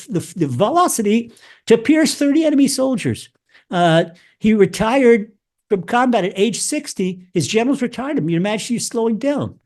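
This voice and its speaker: Impassioned high-pitched male preacher. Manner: impassioned, repeats words and restarts, swings loud and soft. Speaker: rabbi teaching Psalms. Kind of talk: sermon.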